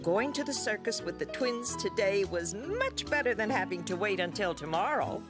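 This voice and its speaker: A woman narrating a children's cartoon in a clear storytelling manner. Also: medium pitch, animated, moderate pace, music in the background.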